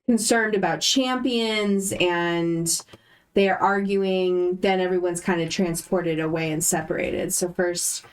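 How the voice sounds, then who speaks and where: A woman's voice: lowish voice, steady tone, takes it slowly. Hesitant woman recapping a game session. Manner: hesitant, full of ums and restarts. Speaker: player recapping the last session. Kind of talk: casual story recap. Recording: distant mic.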